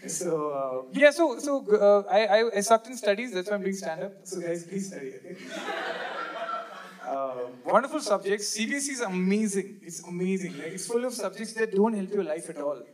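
A young man from India performing stand-up comedy, animated and jokey, acting out quick bits of dialogue. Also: high voice, crowd noise. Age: 20s. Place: live comedy venue with audience.

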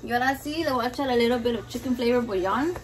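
A woman's voice: fairly high pitch, rapid-fire. A woman hosting a casual cooking video in her home kitchen, swearing freely and mixing Spanish and English in a jokey, candid way. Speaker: cooking vlogger.

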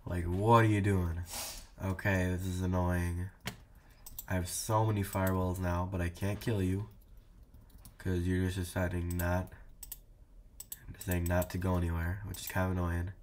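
A man's voice: sits low, little pitch movement, unhurried, pauses often, a little mellow, slight background noise. A young man giving casual, playful gameplay commentary, teasing the players and talking to his viewers. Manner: playful, teasing, talks to viewers while playing. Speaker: gaming YouTuber.

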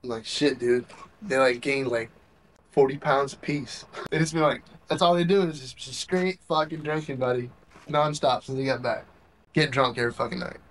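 A man's voice: mid-range voice, steady tone, normal speed, fairly bright tone, a little hiss or hum, poor audio. A young male soldier telling combat stories in casual, profane, rambling talk, recorded on a handheld camcorder at a base in Iraq. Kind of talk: casual war story.

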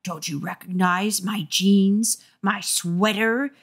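A woman voicing a girl in a monster mask, speaking slowly in a gruff, raspy, menacing voice. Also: mid-range voice, steady tone. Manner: slow and growling.

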